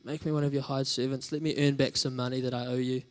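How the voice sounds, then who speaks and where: A man's voice: medium pitch, flat delivery, fast talker. A man preaching a sermon in a conversational, storytelling way, with casual fillers.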